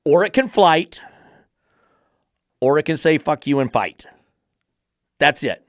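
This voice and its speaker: A man's voice: fairly high pitch, sing-song, slow, dry recording, clean studio sound. Fired-up sarcastic man ranting. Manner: swears freely. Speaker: dog trainer and podcast host. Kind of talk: podcast rant.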